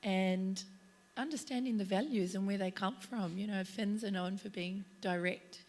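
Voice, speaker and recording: A woman talks enthusiastically on a conference panel. Her mid-pitched voice sounds slightly squeaky today, and her manner is chatty and open. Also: moderate pace, a little mellow. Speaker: relocation and onboarding panelist. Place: conference stage.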